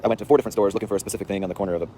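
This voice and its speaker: Rambling male vlogger, lowish voice, talk sped up hard, faint traffic around. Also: steady tone, very fast, dark tone. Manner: rambling and offhand, with slang and restarts. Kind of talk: casual rambling storytelling. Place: outdoors on a city street.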